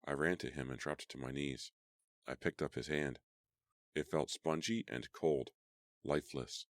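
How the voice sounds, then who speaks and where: A man with an extremely deep voice reads a horror audiobook in a dramatic, measured way. The sound is dry and close, with almost no room. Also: no room sound. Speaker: audiobook narrator. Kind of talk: scripted horror audiobook narration.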